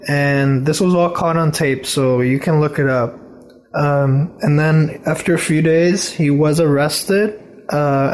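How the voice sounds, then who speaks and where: A man leaving a voicemail monologue for a podcast and telling a story in a plain, straightforward way. His voice sits somewhat high. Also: darkish tone.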